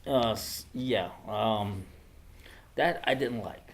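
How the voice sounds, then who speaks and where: Older man telling stories, halting. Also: on the low side. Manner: hesitant, many fillers and restarts. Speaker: guest speaker. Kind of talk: personal storytelling to a class. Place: classroom.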